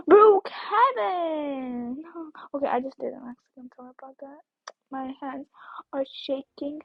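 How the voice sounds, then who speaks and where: A woman's voice: high-pitched, level tone, brisk, gravelly, no room sound. A woman giving casual gameplay commentary as a video creator, rambling and repeating words, with sudden squeals and whispers. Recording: dull lo-fi recording.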